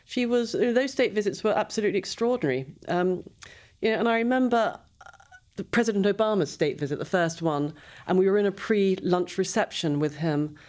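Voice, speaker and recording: A woman's voice: mid-range voice, lively intonation, brisk, darkish tone. A middle-aged British woman, a former royal press secretary, telling self-deprecating stories as a podcast guest. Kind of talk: anecdotal podcast chat.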